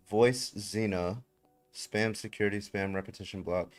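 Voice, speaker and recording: Deep-voiced profane livestream host. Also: male voice, moderate pace. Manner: profane, talks through tech setup with sudden loud outbursts. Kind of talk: casual livestream chat. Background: faint music.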